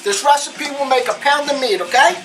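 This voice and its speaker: A high-voiced woman hosts a home cooking lesson, chatty and full of exclamations as she walks through each step. Clear guitar music plays behind her voice. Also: fairly quick, poor audio. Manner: chatty, upbeat, often exclaims "boom" and asks "okay?". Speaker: cooking show host. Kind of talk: casual cooking demonstration.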